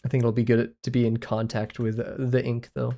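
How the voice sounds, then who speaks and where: A man's voice: mid-range voice, little pitch movement, a little fast, gravelly, dark tone. A man livestreaming while he draws, chatting in a rambling, self-deprecating way. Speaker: livestreaming artist. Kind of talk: casual livestream chat while drawing.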